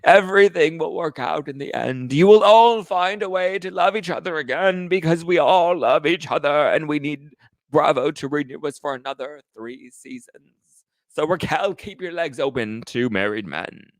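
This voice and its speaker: A man's voice: on the high side, normal speed, dry recording, pitched above the performer's own voice, lightly acted. Man doing a gushing grand older hostess. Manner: sugary, mock-sincere toasting.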